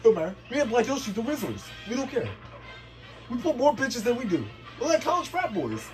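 A young man, the son in a family game tournament, loudly mocking and heckling his father. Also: very high-pitched, very animated, faint music behind. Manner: loud, mocking, quick to heckle. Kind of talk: casual trash-talk over gameplay.

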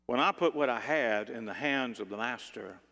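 A man's voice: fairly high pitch, lively intonation, a little slow, sharp tone. A man voicing a sincere young boy who answers his mother in a sermon story. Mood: soft, earnest. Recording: long church reverb.

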